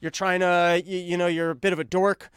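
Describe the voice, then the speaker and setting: A man's voice: sits high, flat delivery, brisk, fairly bright tone, clean tone, no echo, clean studio sound. A man hosting a comedic news monologue, rambling and sarcastic, talking while he paces on a treadmill. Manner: rambling, sarcastic, full of fillers and restarts; talks while pacing on a treadmill. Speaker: podcast host.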